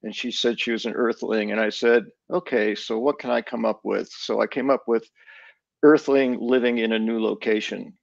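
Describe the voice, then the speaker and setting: A man joining a live show as a guest over a video call and explaining things in a relaxed way. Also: fairly low pitch, normal speed, gravelly, no room sound. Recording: dull video call audio.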